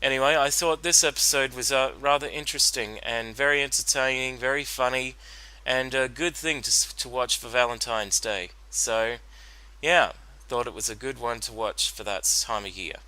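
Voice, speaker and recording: A man's voice: medium pitch, fairly even intonation, moderate pace, bright, forceful tone, poor audio. A man giving a solo commentary on a cartoon episode, rambling with many fillers and restarts. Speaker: reaction commentator.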